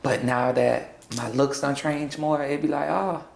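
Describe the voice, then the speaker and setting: A young trans woman from South Florida speaking in a candid sit-down interview, blunt and sassy and quick to laugh. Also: rumbling low, steady tone, vocal fry, a little mellow, reverberant, a little hiss or hum. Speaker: interview guest.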